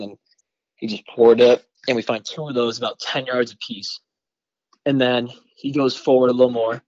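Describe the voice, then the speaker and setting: An excited, rambling man from Michigan tells a long story as a podcast guest, with plenty of "like" and "you know". His voice sits at an everyday pitch. The audio is dull and lo-fi and very dry, with no room sound. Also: no echo. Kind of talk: casual storytelling in a podcast interview.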